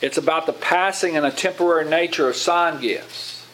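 A man's voice: a little high, normal speed, fairly bright tone, slight background noise, poor audio. A man preaching to his congregation in a loose, conversational teaching style, often asking them questions and repeating his words as he goes. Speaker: pastor.

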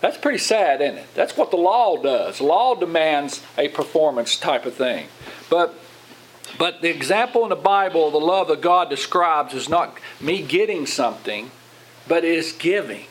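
Pitched somewhat high for a man, this pastor gives conversational Bible teaching with lively intonation and an unhurried pace. He often turns to his listeners with questions and doubles back on his words. The recording is low quality, with faint room hiss underneath.

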